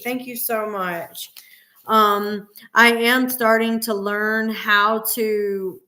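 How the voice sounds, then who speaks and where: A woman in her forties hosting a casual livestream chat, soft-spoken and hesitant, often restarting her sentences. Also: on the high side. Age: 40s. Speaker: livestream host. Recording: echoey room.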